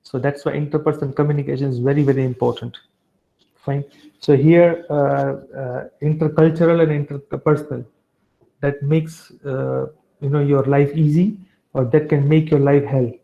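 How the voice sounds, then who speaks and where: A man's voice: a little high, steady tone, moderate pace, creaky. A man giving a revision lecture to a class, chatty and full of tag questions and fillers. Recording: dull lo-fi sound.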